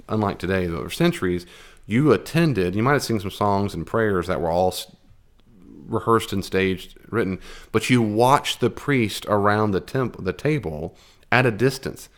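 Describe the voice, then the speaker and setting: A man teaching a Bible class in a conversational, animated way, with fillers and restarts. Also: on the low side, moderate pace.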